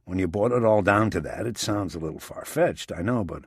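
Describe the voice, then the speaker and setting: A man voicing a stubborn middle-aged male police detective in an audiobook, speaking flatly and insistently. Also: lowish voice, brisk, breathy edge, no echo.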